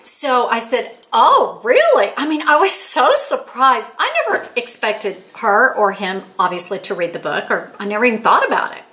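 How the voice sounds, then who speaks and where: An older woman chatting to camera as a channel host, telling stories in an excited, chatty way and acting out quoted dialogue. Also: mid-range voice, normal speed, few pauses. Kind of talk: casual storytelling to camera.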